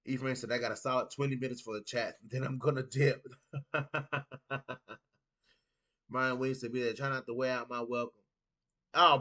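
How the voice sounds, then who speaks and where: A man's voice: a little high, a bit bright. A man hosting a casual fight recap livestream, talking loosely with a groggy morning voice and lots of "you know what I'm saying" filler. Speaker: livestream host.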